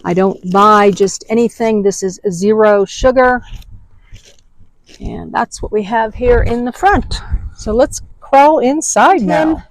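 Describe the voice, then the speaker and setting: A woman's voice: fairly high pitch, slow, no room sound, low-quality recording. An older woman giving a chatty, homey show-and-tell tour from inside her parked car, naming items one by one. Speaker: vlogger.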